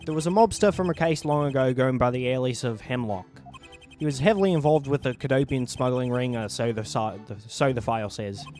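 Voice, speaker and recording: A man's voice: medium pitch, brisk, a little mellow, close to an everyday voice. A man voicing a laid-back male detective with a put-on Australian accent, calling people mate, over faint game music. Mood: explaining. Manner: casual, says "mate".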